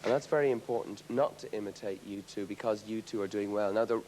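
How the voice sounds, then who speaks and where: An Irish rock singer, a guest on a casual TV interview before a studio audience, talks in a thoughtful, rambling way and keeps restarting his sentences. His voice is fairly low and a little mellow, and he speaks quickly. The recording is rough, with slight background noise.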